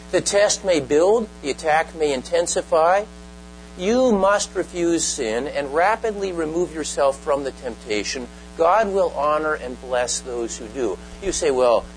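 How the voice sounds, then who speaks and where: Male pastor, slightly high voice, emphatic sermon delivery with direct questions to the congregation, faint music bed. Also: poor audio. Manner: earnest, emphatic, often asks the listeners direct questions.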